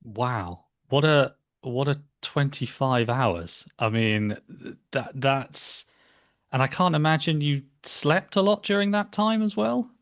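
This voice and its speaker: A man hosting a podcast, responding with sympathy in halting sentences that repeat words. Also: medium pitch, animated, fairly bright tone. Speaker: podcast host. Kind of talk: interview chat.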